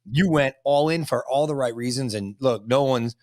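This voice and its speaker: Middle-aged guy hosting, chatty and animated, dry close sound. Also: mid-range voice, normal speed, no room sound. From Boston area. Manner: warm, animated, friend to the guest. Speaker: podcast host, interviewer. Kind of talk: casual interview talk.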